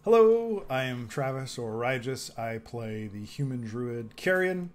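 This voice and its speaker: A man with an average-pitched voice introduces his tabletop character. He is jokey and often stammers as he restarts his sentences. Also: measured pace. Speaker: player. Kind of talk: casual introduction at a gaming table.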